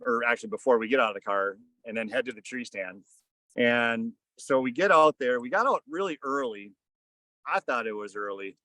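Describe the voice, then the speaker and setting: A man guest on a podcast telling a story casually, rambling with many fillers and hushing his voice for quoted asides. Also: medium pitch, no echo, low-quality recording. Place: outdoors on a fishing boat.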